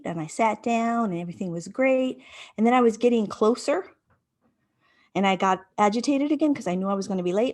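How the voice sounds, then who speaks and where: A woman speaking to an audience at a middle pitch for her voice, her phrasing measured and repetitive. She pauses to ask listeners if they follow, keeping an easy storytelling flow. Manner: speaks in repeated rhythmic phrases; checks in with listeners, asking "right?". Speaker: invited speaker. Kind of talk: public talk with personal storytelling.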